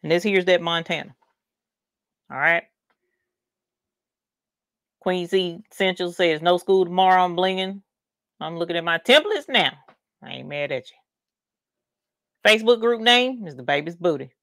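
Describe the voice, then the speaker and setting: A woman's voice: lowish voice, expressive, moderate pace, pauses often, a bit bright, no echo, clean studio sound. A woman with a Southern US country accent, chatting folksily while hosting a craft livestream. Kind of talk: casual livestream chat.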